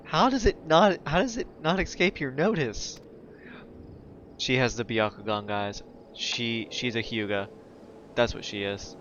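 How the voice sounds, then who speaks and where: A man giving excitable, jokey let's play commentary while playing a video game. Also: mid-range voice, measured pace, highs cut off, slight background noise. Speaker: gamer.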